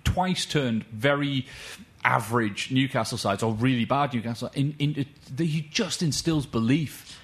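A man joining a football podcast as a guest, talking casually and quickly, with firm opinions and the odd swear word. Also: mid-range voice, husky.

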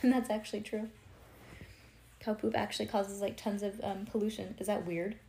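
A young woman reads a children's chapter book aloud in a lively way, stopping now and then for playful asides to someone sitting close to her. Her voice sits at an ordinary middle pitch. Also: moderate pace, vocal fry. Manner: lively, breaks off to chat and joke with a listener nearby. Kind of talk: reading a storybook aloud with asides.

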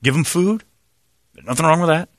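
A man's voice: on the high side, moderate pace, no echo, clean studio sound. A man hosting a casual radio talk show, blunt and opinionated, laughing often. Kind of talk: casual banter on air.

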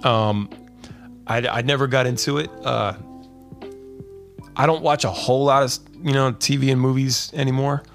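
A laid-back male podcast host chats loosely on a live stream, his mid-pitched voice carrying a steady gravelly fry. He rambles along with plenty of fillers and "dude", and soft music hums faintly underneath. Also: normal speed, long pauses. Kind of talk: casual live-stream chat.

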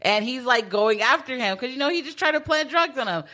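A woman's voice: sits high, expressive, a little fast, sharp tone. A woman chatting casually, recapping a story and acting out quoted lines, laughing often. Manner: laughs often, acts out quoted lines while retelling a plot. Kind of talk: casual chat.

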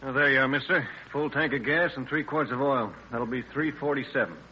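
An actor playing a nervous gas station attendant, jittery and stammering, in 1940s radio acting. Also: male voice, mid-range voice, brisk, dull audio, faint music behind, lightly acted.

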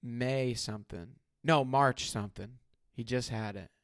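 A man's voice: medium pitch, unhurried, no room sound, studio quality. A young man telling a personal story in casual chat, emphatic and full of "like" fillers.

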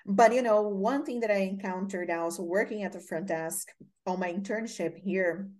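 A Brazilian woman whose first language is Portuguese hosts a casual interview chat, speaking with a Brazilian accent in a mid-range, slightly mellow voice at a moderate pace. Her stories ramble and are packed with fillers.

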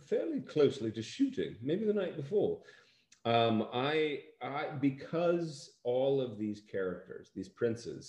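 An American man, an actor, chatting in an interview in a halting, rambling way with lots of fillers and dry humor. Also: medium pitch, mellow, roomy sound. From United States. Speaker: actor interviewed about a film. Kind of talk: casual interview chat.

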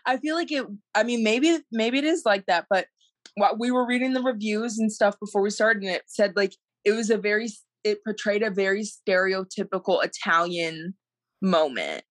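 A woman's voice: mid-range voice, normal speed, no echo. A young adult woman co-hosting a casual movie review podcast, talking animatedly and saying "like" constantly. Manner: animated, peppers speech with "like". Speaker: podcast co-host.

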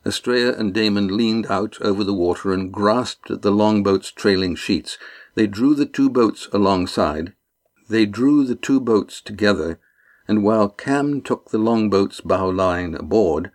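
A man narrating an audiobook chapter in a steady, measured reading. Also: fairly low pitch.

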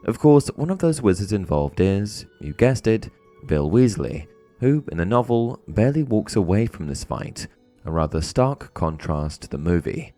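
Male explainer host, scripted and dramatic, very deep voice with lively swings, faint music behind. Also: moderate pace. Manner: expressive storytelling with dramatic emphasis. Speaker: host of a fan explainer channel. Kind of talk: scripted narration.

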